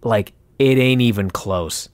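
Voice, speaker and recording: A man's voice: mid-range voice, takes it slowly, clean tone, no echo. A man co-hosting a podcast, ranting and swearing in exasperated casual chat. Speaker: podcast co-host.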